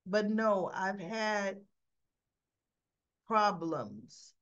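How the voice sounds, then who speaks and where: A woman casually recaps a soap opera episode in a chatty way, briefly acting out the characters' quoted lines. Her mid-range voice keeps a measured pace. The lo-fi recording sounds slightly dull.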